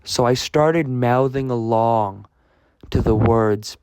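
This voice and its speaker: A man's voice: mid-range voice, slow pace, a little mellow, clean tone, no room sound. A young man from the United States telling a rambling, self-mocking story with lots of fillers and restarts. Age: young adult. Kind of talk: casual storytelling vlog.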